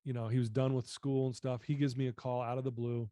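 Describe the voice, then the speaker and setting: Guy on a podcast telling his story, earnest, mellow low-key tone, dry close sound. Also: little pitch movement, fast, no echo. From United States. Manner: earnest, reflective, often drops voice. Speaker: podcast guest. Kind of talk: personal storytelling.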